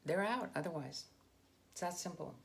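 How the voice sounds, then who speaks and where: A woman's voice: fairly low pitch, expressive, normal speed, gravelly. A woman hosting her own political commentary show, talking in an emphatic, indignant way with frequent restarts. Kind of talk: casual political monologue.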